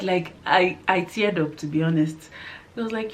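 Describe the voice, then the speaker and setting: A young woman vlogger telling a story to camera in a casual, animated way, laughing often and sometimes dropping to a soft near-whisper. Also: mid-range voice, normal speed, slight background noise.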